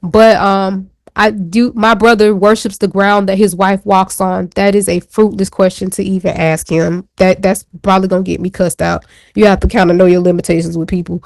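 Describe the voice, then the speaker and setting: A woman's voice: medium pitch, level tone, normal speed, vocal fry, dry recording, clean studio sound. A woman co-hosting a talk show, telling a personal story in a candid, chatty way with slang asides. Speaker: show co-host. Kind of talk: casual chat.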